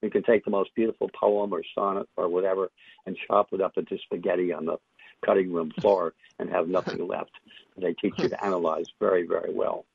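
Deep, gravelly older man over a tinny phone line. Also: little pitch movement, dry recording. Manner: reflective, halting with many fillers and restarts. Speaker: interview guest, author. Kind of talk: casual storytelling interview.

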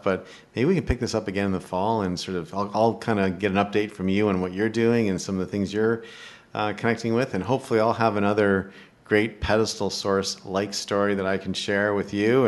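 A man hosting a podcast in casual interview chat, enthusiastic and emphatic, laughing often. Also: on the low side. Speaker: podcast host.

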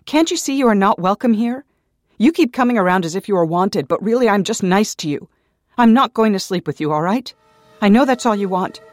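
A man voicing a cornered young woman who shouts back in a raised, strained voice. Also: high-pitched, animated, fairly quick, dry recording, studio quality, pitched above the performer's own voice. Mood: furious.

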